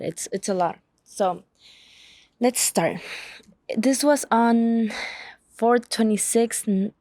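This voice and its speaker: A woman's voice: medium pitch, mellow, dry recording. A woman vlogging in a casual chat, talking frankly and with exasperation while she reads back through an old journal. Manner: frank, exasperated, self-critical.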